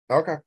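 A man in his forties hosting a casual live-stream rant, animated and profane, repeating himself and now and then breaking into shouts. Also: sits high, vocal fry, husky. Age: 40s. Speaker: YouTube commentary host.

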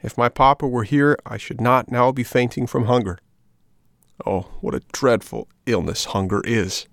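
A man voicing a hungry, desperate wooden puppet boy, speaking softly and anxiously. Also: medium pitch, moderate pace, no echo, clean studio sound, voice pushed up, close to an everyday voice. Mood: despairing.

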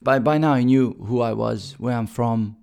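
A man's voice: medium pitch, normal speed, vocal fry, darkish tone, clear, resonant tone. A man from Bosnia, telling his career story as a recruiter in a chatty way with many fillers and restarts. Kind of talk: casual storytelling.

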